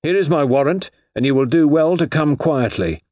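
A man voicing a small, quiet police inspector who speaks formally and civilly, in a husky voice. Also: a little high, expressive, moderate pace, no echo, studio quality, voice pushed up.

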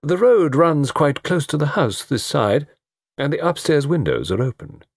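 A man's voice: a little high, big pitch swings, moderate pace, vocal fry, husky, no room sound, studio quality, pitched above the performer's own voice, full character voice. A man as a grave, formal butler. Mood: deferential. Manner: formal, deferential. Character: grave, dignified old butler.

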